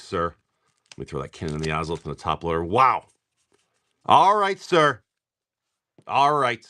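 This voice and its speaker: A tired man chatting on a live stream as he opens card packs, excitable, swearing and laughing, talking to viewers by name. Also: medium pitch, slow. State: tired from poor sleep. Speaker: livestream card seller. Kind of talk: casual live-stream chat while opening card packs.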